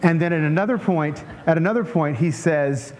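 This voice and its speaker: Guy preaching kinda casual, a bit higher voice, cracks little jokes, restarts his sentences a lot. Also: normal speed. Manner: relaxed, joking asides, frequent restarts. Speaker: pastor. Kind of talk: conversational sermon.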